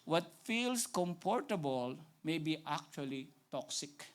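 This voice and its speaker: A male pastor with a Filipino accent preaching a sermon, emphatic and repetitive, often asking "right?" and dropping to a hushed, pleading tone. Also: a little high, animated, a little slow. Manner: emphatic, repeats phrases, asks "right?" often; shifts between loud preaching and hushed pleading.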